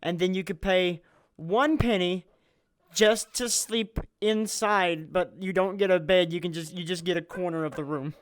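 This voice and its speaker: A man's voice: high voice, fairly even intonation, normal speed, clean tone. A man hosting a casual podcast chat, rambling and laughing as he tells a story. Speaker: podcast host.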